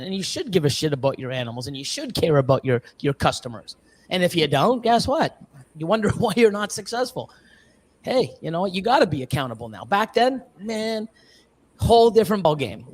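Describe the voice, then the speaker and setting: A man with a fairly high voice chats on a livestream about breeding snakes. He curses often and acts out quotes from other people with big swings in pitch. The talk is loose and unscripted. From Canada. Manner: swearing, animated storytelling with voiced quotes. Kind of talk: casual livestream chat.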